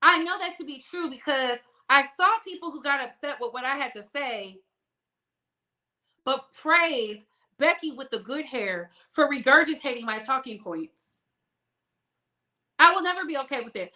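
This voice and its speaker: A woman's voice: sits high, lively intonation, normal speed, sharp tone. A young woman hosting a celebrity gossip channel, giving sassy, emphatic commentary and drawing out words for effect.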